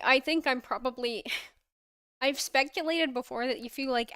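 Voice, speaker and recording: Young woman, livestream host, gushing fan energy; bright-pitched, very clean voice, dry and close on mic. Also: clear, resonant tone, no room sound. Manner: gushing and giggly, frequent laughs and restarts. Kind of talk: casual fandom chat on a livestream. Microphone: own microphone, close.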